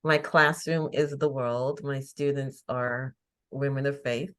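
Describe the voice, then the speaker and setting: Woman, 50s, from England, low voice, chatty storyteller, interview guest. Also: fairly even intonation, takes it slowly. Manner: chatty storyteller, laughs easily. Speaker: guest, faith coach. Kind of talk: casual interview chat.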